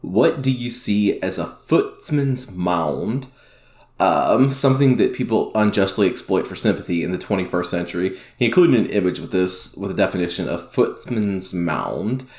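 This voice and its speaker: A man's voice: low voice, animated, moderate pace, darkish tone. A man hosting a casual gaming podcast, reading listener questions in an easygoing way. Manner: easygoing, laughs often. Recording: roomy echoey room.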